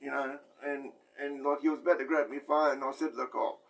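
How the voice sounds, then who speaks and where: A man's voice: medium pitch, flat delivery, a little fast, vocal fry, hardly any pauses, recorded from a distance, poor audio. A middle-aged Australian man, a former inmate, telling a story casually to his viewers, blunt and swearing, often restarting his phrases. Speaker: YouTube host, former inmate.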